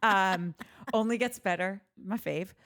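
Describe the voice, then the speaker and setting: A woman's voice: medium pitch, unhurried, a bit bright. A woman co-hosting a podcast, reading listener comments in casual chat, hesitant with many ums. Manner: hesitant, lots of "um", easily cracks up. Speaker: podcast co-host.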